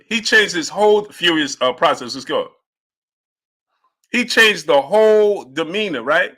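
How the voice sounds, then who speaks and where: A man hosts a boxing talk livestream in a loose, animated way. He repeats his phrases and calls out viewers from the chat. His voice is slightly high and bright, with a forceful edge. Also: a little slow. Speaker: boxing commentary livestream host.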